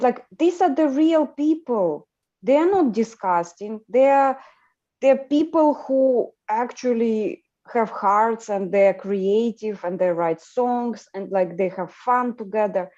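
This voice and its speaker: A woman hosting a livestream chat, talking in an animated way with lots of fillers and restarts. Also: mid-range voice, highs cut off. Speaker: livestream host. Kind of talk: casual group chat on a livestream.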